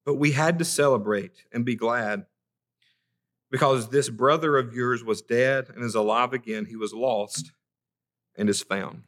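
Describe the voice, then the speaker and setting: A pastor gives a conversational sermon in church, reading scripture and speaking earnestly, often stumbling and repeating the first words of his sentences. His mid-range voice is a bit bright and a little slow.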